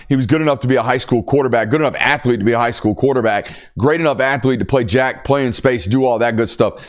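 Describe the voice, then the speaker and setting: A young man hosting a football podcast, talking casually and emphatically, sometimes ranting. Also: mid-range voice. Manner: animated, emphatic, ranting at times. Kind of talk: casual sports talk.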